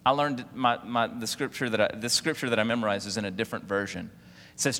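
A man's voice: on the low side, steady tone, fast, a bit bright. A man in his forties preaching a sermon as pastor, firing rhetorical questions at the congregation and calling on them to answer. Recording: long hall reverb.

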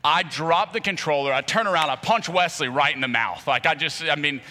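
A man preaching with a comic personal story, his voice bright, forceful and pitched a little high. He is animated, acting out quotes and breaking into loud exclamations. A long reverb from a large church hall trails behind him. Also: a little fast.

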